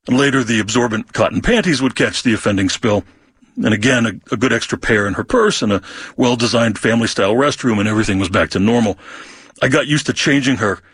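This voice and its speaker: A man narrating a personal story in the first person, candid and wry with deadpan humor. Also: on the low side, slightly rough, no echo. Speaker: memoir narrator.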